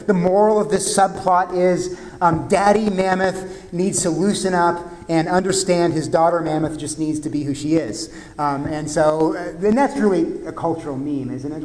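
A man's voice: on the high side, a little mellow, in a large hall, poor audio. A man preaching a sermon in a conversational way, asking the congregation questions. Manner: conversational, asks the congregation questions, many fillers. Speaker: pastor.

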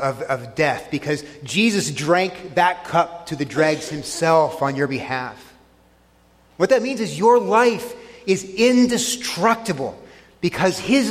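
A middle-aged man preaching a sermon to a congregation, earnest, often dropping soft and low on key lines. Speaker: pastor. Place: church sanctuary. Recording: long church hall reverb.

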